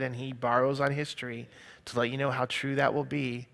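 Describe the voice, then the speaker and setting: A man's voice: medium pitch, flat delivery, a little fast, gravelly, fairly bright tone. A man giving an earnest, confessional personal testimony as a sermon. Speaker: speaker sharing his testimony.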